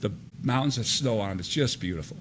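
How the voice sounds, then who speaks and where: A man's voice: mid-range voice, fast, slight background noise. An older man, a retired airline captain, telling stories in a casual podcast interview and acting out the dialogue. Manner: animated anecdote teller, acts out quoted dialogue.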